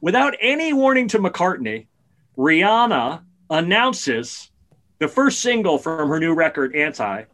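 Animated man telling a music story. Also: fairly high pitch, a little slow. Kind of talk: casual chat.

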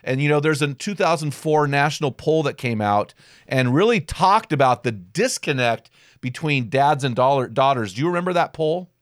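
Man with a higher voice, dry close sound. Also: lively intonation, normal speed, no echo. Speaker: podcast host, men's ministry leader. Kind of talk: podcast interview.

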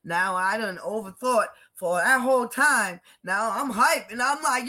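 Bright, blunt laughing woman. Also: fairly high pitch, a little slow, hardly any pauses. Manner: blunt, profane, laughing storyteller. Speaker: host. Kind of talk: casual chat.

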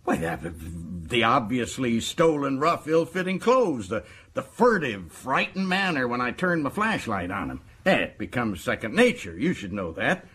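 An actor playing a boastful, folksy American prison governor in a radio drama, with an American accent. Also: male voice, medium pitch, big pitch swings, moderate pace, a bit bright, breathy edge. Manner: boastful, folksy and self-satisfied.

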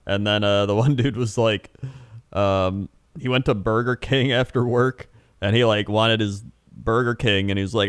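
A young man chatting casually and telling an animated story, acting out quotes and laughing often. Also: fairly low pitch, moderate pace, clear, resonant tone, no room sound, clean studio sound. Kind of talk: casual chat.

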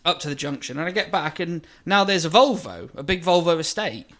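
A high-voiced man telling a road story on a casual podcast. He swears freely and acts out every side of the argument himself. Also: animated, fairly quick, a bit bright. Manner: swearing anecdote teller, acts out both sides of a row. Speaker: podcast co-host.

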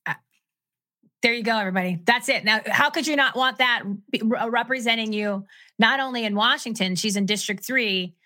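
A woman's voice: on the high side, a little fast, bright, forceful tone, no echo. A woman guest-hosting a talk show, enthusiastic and chatty with her guest. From Arizona. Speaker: guest host.

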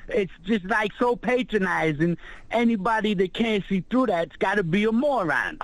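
A man's voice: high-pitched, animated, moderate pace, no echo, poor audio. A man calling in to a talk show, ranting bluntly in crude language. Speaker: caller. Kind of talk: phone-in rant.

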